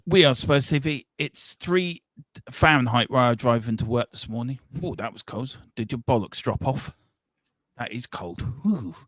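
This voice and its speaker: A man co-hosting a casual live fan stream, talking at an ordinary middle pitch. He reads viewer comments aloud one after another and drops in quick personal asides. The sound is close and dry, with little room around it. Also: no room sound. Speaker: fan show co-host.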